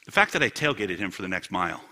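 A male pastor preaching a sermon, asking rhetorical questions and swinging from loud emphasis to hushed asides. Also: sits low, animated, fast talker, slight background noise.

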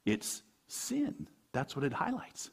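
Man, pastor, middle-aged, church sermon, conversational preaching, rhetorical questions, lively swinging pitch. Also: slow pace, vocal fry, husky.

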